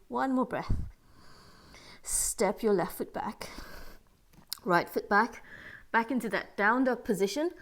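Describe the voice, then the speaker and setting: A woman yoga teacher guiding a class through poses and breaths, calm and steady, a little out of breath. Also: on the high side. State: slightly out of breath. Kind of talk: guided yoga class instruction.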